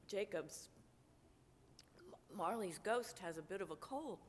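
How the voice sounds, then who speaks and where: Slow-speaking woman pastor with a cold. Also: medium pitch, expressive. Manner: slow, measured, prayerful. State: has a cold, coughing. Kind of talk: sermon. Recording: long church reverb.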